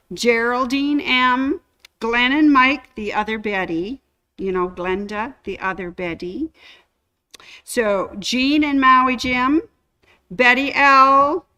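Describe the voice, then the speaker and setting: A woman hosting a sewing shop livestream, chatting casually and giving shout-outs to viewers. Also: high-pitched, smooth. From Canada.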